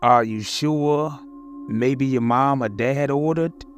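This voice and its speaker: A man's voice: mid-range voice, slow pace, soft background music, lightly acted. A man voicing a creepy greasy stranger at the door, talking in a groggy, shaky, hesitant way. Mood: wheedling.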